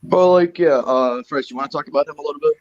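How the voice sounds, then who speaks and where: A man co-hosting a casual online fan discussion, animated and eager to add trivia. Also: on the high side, quick pace, dull audio. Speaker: co-host.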